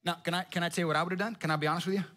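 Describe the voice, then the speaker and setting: A man preaching as pastor, energetic and conversational, joking with slang. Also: high-pitched, very fast. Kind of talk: sermon.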